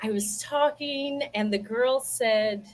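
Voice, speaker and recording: A woman from the United States who hosts a casual livestream, chatting straight to her viewers and telling stories in an animated way. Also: on the high side, takes it slowly. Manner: chatty, animated storytelling, talks to viewers directly. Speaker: livestream host. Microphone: computer mic, livestream.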